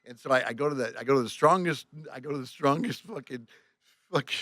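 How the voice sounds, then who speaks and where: A tour bus driver telling a road story on a podcast, animated and profane, with lots of restarts. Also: male voice, mid-range voice, fairly quick, dry recording, studio quality.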